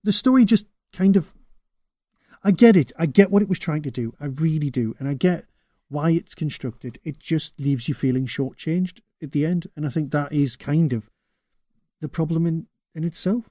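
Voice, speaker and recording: A man's voice: on the high side, normal speed, warm tone, dry recording, clean studio sound. A man co-hosting a podcast, giving wry, opinionated takes in casual chat. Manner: opinionated, wry, explains plainly. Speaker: podcast co-host.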